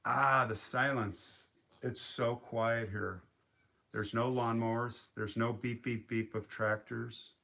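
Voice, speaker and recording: A man hosting a casual live stream from a quiet home in the woods, rambling and reading viewer comments aloud. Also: medium pitch, fairly even intonation, slow pace, vocal fry. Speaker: livestream host.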